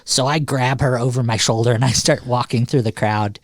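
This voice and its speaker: A man's voice: medium pitch, fairly even intonation, brisk, dry recording. A man co-hosting a podcast, telling rambling, self-correcting anecdotes in casual chat with swearing and laughter. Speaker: podcast co-host.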